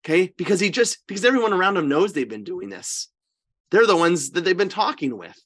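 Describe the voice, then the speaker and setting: In a high-pitched, fairly bright voice with big pitch swings and a slightly fast pace, a male priest gives informal scripture teaching at a Bible study. He's emphatic, keeps checking on his listeners, and often restarts or fixes his sentences partway.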